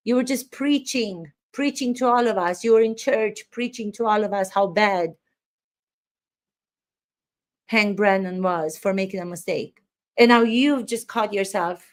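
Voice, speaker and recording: A woman acting coach breaking down trial footage in an emphatic commentary. She drives her points home with pointed rhetorical questions, speaking at a mid-range pitch.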